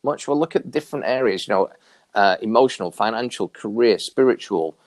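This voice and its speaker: Man, interview guest, low voice, dry close sound; animated storyteller who acts out the lines he quotes. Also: fairly quick, no room sound. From New York area. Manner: animated, acts out quoted dialogue with big pitch jumps. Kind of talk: casual storytelling.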